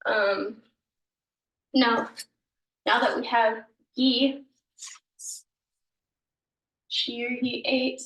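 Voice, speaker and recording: A woman's voice: fairly high pitch, steady tone, very slow, long pauses, fairly bright tone, echoey room, recorded from a distance, dull audio. A woman whose first language is English, teaching a language lesson in a patient, informal way with many ums and self-corrections.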